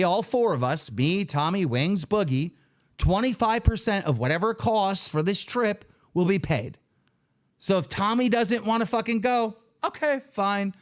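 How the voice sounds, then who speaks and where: Host, male, high lively voice, furious profane rant that keeps breaking into shouts. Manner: profane, heated, bursts into shouting. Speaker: show host. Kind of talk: angry livestream rant.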